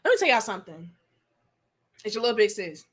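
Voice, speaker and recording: A woman hosting a casual livestream, reading chat comments and giving blunt, profane, animated advice. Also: medium pitch, fast, slightly rough.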